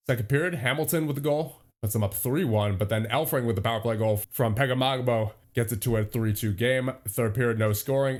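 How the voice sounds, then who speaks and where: Young male gaming host, mid-pitched, nervous and pleading, rattles off hockey scores with frequent laughs. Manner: nervous, pleading, laughs often while recapping games. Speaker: gaming YouTuber. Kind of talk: hockey sim franchise play-by-play.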